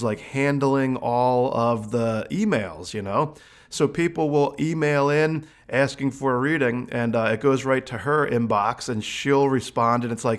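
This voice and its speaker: A man, a psychic medium, telling stories in casual chat and acting out his own quoted exchanges. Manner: animated, acts out quoted exchanges in a higher voice. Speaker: psychic medium, podcast host. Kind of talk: casual storytelling monologue.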